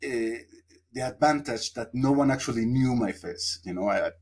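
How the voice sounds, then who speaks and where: A man's voice: medium pitch, moderate pace, a little mellow, slightly rough. Man telling a story, many fillers. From Mexico. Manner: reflective, rambling with many fillers. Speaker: podcast guest. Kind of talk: casual storytelling interview.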